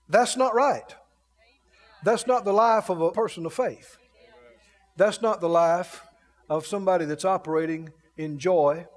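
A man preaching a sermon in an animated way, acting out grumbling people for his congregation. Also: high voice, long reverb tail.

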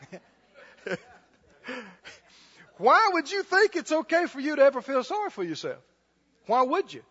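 Male preacher, high voice, emphatic and repetitive, long hall echo on a muffled recording. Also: a bit bright. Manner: emphatic, repetitive, laughs often. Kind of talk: sermon.

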